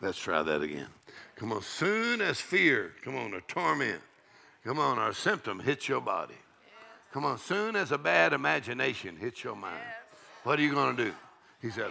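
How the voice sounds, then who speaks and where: A middle-aged man preaching a charismatic sermon, breaking into loud shouts and rhythmic laughter. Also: mid-range voice, very animated, moderate pace, creaky, a little hiss or hum.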